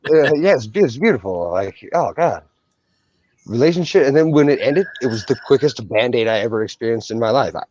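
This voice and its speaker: A man's voice: medium pitch, darkish tone, husky, dull audio. A young man co-hosting a casual coin chat, brash and profane, joking loosely. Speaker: coin channel co-host.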